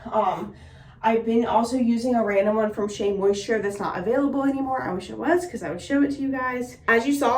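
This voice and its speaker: In a friendly, chatty hair tutorial, a young woman who's a beauty vlogger talks in a mid-range voice, using lots of filler words and sounding slightly breathless. There's slight background noise, a roomy echo, and the microphone sits a little far away.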